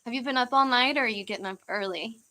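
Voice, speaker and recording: A woman's voice: on the high side, fast talker, bright, forceful tone, poor audio. A young woman from the United States chatting casually on a livestream, rambling with fillers and easy laughs. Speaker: livestream host.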